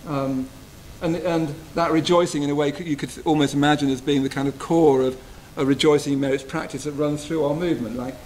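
Buddhist teacher, man, soft reflective delivery, slightly raised pitch. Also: steady tone, a little fast, few pauses, a little hiss or hum, rough recording. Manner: gentle, tender, often checks in with "yeah?". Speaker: Buddhist teacher giving a retreat talk. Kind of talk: reflective dharma talk. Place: retreat hall.

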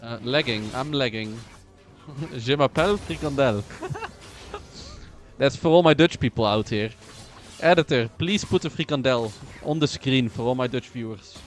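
A man's voice: medium pitch, normal speed, faint music behind. A man streaming a video game, joking around and repeating his lines in casual commentary. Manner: playful, joking, repeats phrases.

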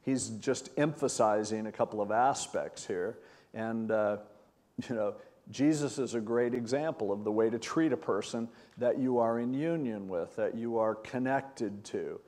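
Older male pastor in his sixties, relaxed conversational sermon delivery, lively when telling a story. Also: mid-range voice, a little slow. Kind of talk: sermon teaching.

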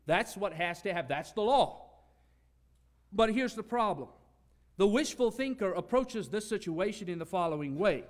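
A man's voice: sits high, animated, moderate pace. A man preaching a sermon, earnest and emphatic, teaching with repeated phrases.

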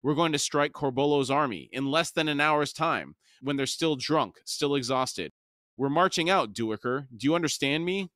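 A man's voice: fairly high pitch, expressive, normal speed, fairly bright tone, no room sound, clean studio sound, voice pushed up. A man voicing an urgent, angry male garrison commander in an audiobook-style reading, pressing and demanding.

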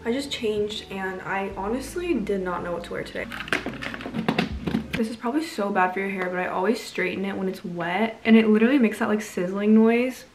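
A woman's voice: medium pitch, fairly quick, darkish tone, slight background noise. An eighteen-year-old woman from Toronto talking casually to her camera in a vlog, chatty and upbeat, with lots of "like" and "literally". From Toronto, Canada. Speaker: vlogger. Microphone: compact camera held by the vlogger.

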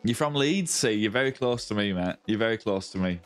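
Greeting viewers by name and bantering as he streams a game, a man speaks with a Lancashire accent, Lancashire English from northwest England near Yorkshire. His voice is on the low side with lively intonation, going a little fast, and faint music plays behind.

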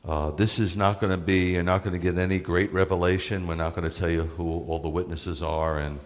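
A rabbi delivers a sermon in a relaxed, conversational style at a fairly quick clip, pressing hard on his key points and tossing asides to the congregation. His voice is very low, and a long reverb follows each phrase as though he stands in a large hall.

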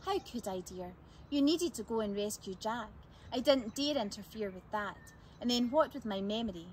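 A woman reading as a gentle frail old lady. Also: fairly high pitch, animated, moderate pace, a little hiss or hum, close to an everyday voice, rough recording. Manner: gentle, warm endearments to children. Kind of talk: storybook read-aloud.

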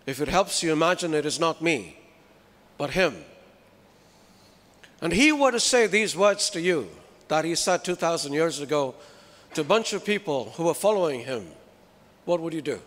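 A man's voice: on the high side, lively intonation, normal speed, long pauses, fairly bright tone. A man preaching a sermon with emphasis, putting rhetorical questions to his listeners. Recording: reverberant hall.

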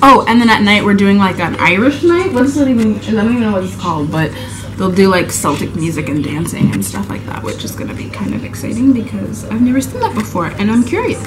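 A woman's voice: mid-range voice, big pitch swings, fast talker. A young woman chatting casually in a travel vlog, scattered and sleep deprived, losing her train of thought. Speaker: travel vlogger. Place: indoors, room in Dublin. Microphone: handheld camera. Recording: noisy camera audio.

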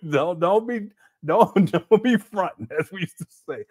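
Lively high-voiced man chatting with viewers. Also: measured pace. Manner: laughs often, slangy, calls viewers family. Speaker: livestream host reading chat. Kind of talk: casual livestream chat.

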